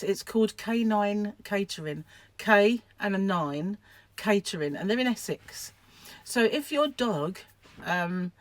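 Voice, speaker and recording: An older woman from England chatting to camera in a rambling, self-deprecating way, laughing often. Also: mid-range voice. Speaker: vlogger, craft shop owner. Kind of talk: casual chat to camera.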